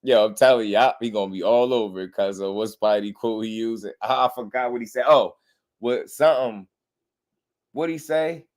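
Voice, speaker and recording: A young man hosting a casual boxing livestream, animated and slangy, laughing often and mimicking people. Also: lowish voice, moderate pace. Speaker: boxing commentary host.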